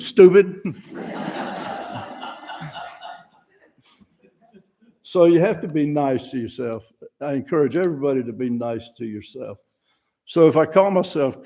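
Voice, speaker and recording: At a fellowship service, an older lay speaker gives a relaxed, folksy sermon in a voice that is a little high with a darkish tone. He speaks plainly, makes light of himself, and often begins his words again.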